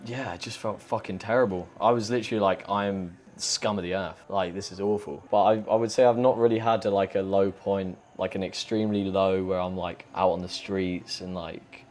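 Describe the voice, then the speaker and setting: Young man, from England, casual chat, swears a lot, animated storyteller, low-ish voice. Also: fairly quick, hardly any pauses, slight background noise. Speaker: podcast guest.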